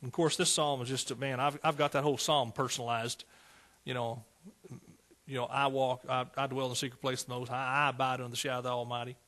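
A man's voice: medium pitch, little pitch movement, quick pace, fairly bright tone. A man preaching a fervent sermon, calling out to his congregation.

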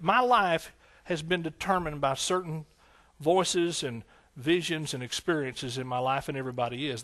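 A middle-aged pastor preaches his testimony in a slightly high voice. He swings between hushed, tearful stretches and loud, fervent exclamations. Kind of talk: sermon testimony.

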